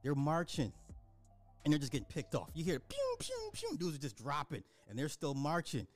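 A man's voice: fairly high pitch, animated, brisk, soft background music. Emphatic man reviewing a movie. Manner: emphatic, repeats points for effect. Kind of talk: casual livestream movie review.

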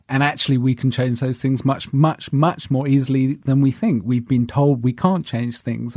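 A man's voice: medium pitch, darkish tone, no echo, clean studio sound. A man as an interview guest, speaking articulately and earnestly in a casual conversation.

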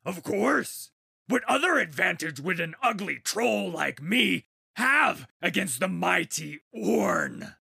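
A man voicing a hideous ancient male troll who gloats, taunts and cheats, with a gravelly, squawking voice. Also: very animated, takes it slowly, bright, forceful tone, dry recording, studio quality, heavily acted. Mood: gloating. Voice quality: gravelly, raspy, high and squawking.

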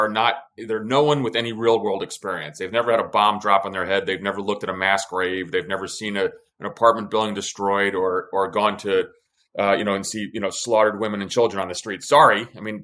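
A man's voice: lowish voice, fairly bright tone. A man who used to be an intelligence officer, talking as a podcast guest. He speaks with force and conviction, stumbling over restarts and stacking fillers as his thoughts run ahead. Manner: emphatic, many restarts and fillers. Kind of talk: podcast conversation.

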